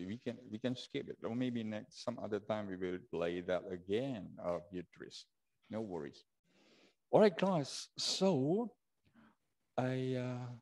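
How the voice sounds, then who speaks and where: A man with an Indonesian accent calls the roll over a video call, his voice low and his pace slow. He talks with many fillers and restarts as he teaches his class online. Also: mellow, poor audio.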